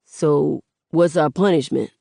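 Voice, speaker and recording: A protective big brother of about eighteen, matter-of-fact and flat, as a woman reads him in an audiobook. The voice is low and the sound is dry. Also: takes it slowly, vocal fry, no echo, full character voice.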